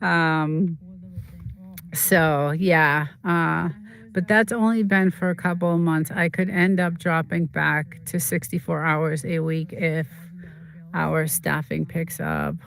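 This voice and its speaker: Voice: mid-range voice, fairly even intonation, takes it slowly, gravelly, fairly bright tone. A streamer talking in a rambling, emotional way, full of fillers and restarts, in casual chat from a desert home.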